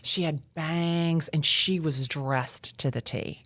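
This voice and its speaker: A woman, telling her career story as an interview guest in a lively, bubbly way, acting out what people said. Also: deep voice, takes it slowly, dry recording. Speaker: real estate agent, guest. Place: real estate association office.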